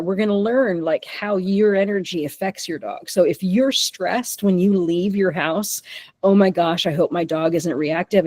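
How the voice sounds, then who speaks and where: A woman presenting a webinar as a dog behavior consultant, talking lively and bursting into loud acted-out lines. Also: fairly low pitch, dry recording.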